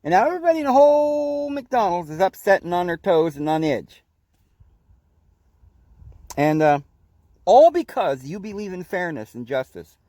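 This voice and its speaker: A man hosting a podcast, giving an earnest, preachy spiritual talk, often halting and repeating words. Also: high-pitched, big pitch swings, dark tone, no room sound. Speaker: podcast host. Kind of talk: spiritual teaching monologue.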